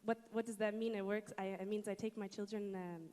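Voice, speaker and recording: A woman from Egypt speaks as a panelist at a live event. Her voice sits mid-pitch and she is earnest, pausing to think, while a long reverb fills the hall. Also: level tone, dark tone. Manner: earnest, thoughtful, with hesitations. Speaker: panelist, entrepreneur. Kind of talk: panel answer.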